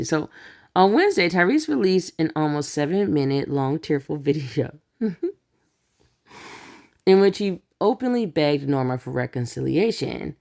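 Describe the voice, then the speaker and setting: A woman's voice: sits low, lively intonation, normal speed, vocal fry, a little mellow. A woman hosting a celebrity gossip channel, reading news quotes aloud and breaking off with sarcastic asides in a casual commentary style.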